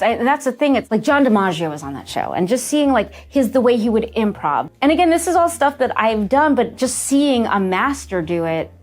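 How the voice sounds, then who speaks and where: A middle-aged woman from New Jersey, a voice actress chatting casually in an interview, lively and quick to laugh. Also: medium pitch. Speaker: voice actress guest.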